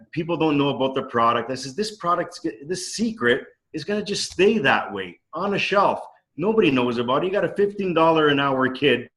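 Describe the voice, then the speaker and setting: Speaking from his dining room on a video call, this company co-founder relays a casual story with enthusiasm, performing the dialogue he quotes. His voice sits at a medium pitch with a slightly bright edge, and the recording quality is low.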